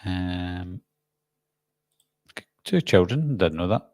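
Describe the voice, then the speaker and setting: A Scottish man chats casually through a live-stream Q&A, rambling and poking fun at himself. His voice sits fairly low and is recorded close and dry at a home desk mic. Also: lively intonation, extremely slow, a little mellow, no room sound. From Scotland. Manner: rambling, self-deprecating, chatty. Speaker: horror channel host.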